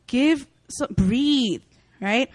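A young woman preacher giving a casual sermon, chatty and animated, often laughing as she tells stories. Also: high voice, drawn-out words, dry recording. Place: church meeting room.

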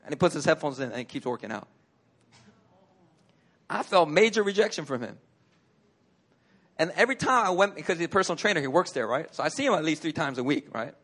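Animated high-voiced male pastor. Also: fast talker, long pauses, husky. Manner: conversational, animated storytelling with laughs. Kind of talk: sermon. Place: church.

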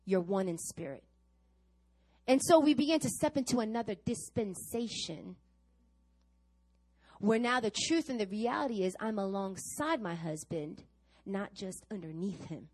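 A middle-aged woman pastor preaching a sermon, telling stories to her congregation and acting out the people she quotes. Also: fairly high pitch. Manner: animated storytelling to a congregation, acting out quoted voices.

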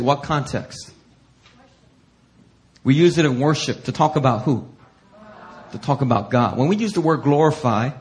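Impassioned preaching man, slightly high voice. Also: low-quality recording. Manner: builds to loud preaching with dramatic slow emphasis on scripture; conversational asides to the congregation. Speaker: pastor. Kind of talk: sermon.

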